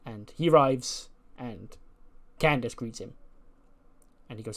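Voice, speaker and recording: A man hosting a wrestling management game series, retelling the storyline and reading out each wrestler's lines in a quick, casual way. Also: mid-range voice, steady tone. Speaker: let's play host. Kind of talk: narrating and voicing a wrestling sim story.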